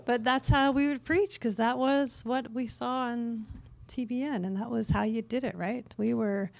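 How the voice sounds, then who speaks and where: A middle-aged woman from northern Canada telling stories at a worship workshop, lively and self-mocking, with many fillers. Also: a little high, moderate pace, gravelly. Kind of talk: storytelling in a conference talk. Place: conference workshop room.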